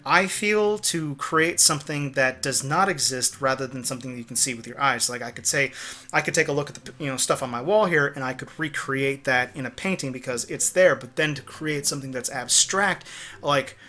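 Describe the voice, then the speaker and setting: A young man streaming a game, chatting excitably and cursing, rambling between game lines. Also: mid-range voice, fairly quick. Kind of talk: let's play commentary.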